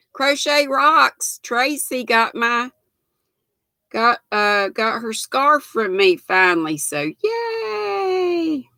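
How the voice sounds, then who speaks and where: A woman's voice: lowish voice, pushed and bright, no room sound. An older woman from North Carolina with a Southern accent, hosting a live stream and chatting casually with viewers, greeting them by name and laughing often. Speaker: livestream host.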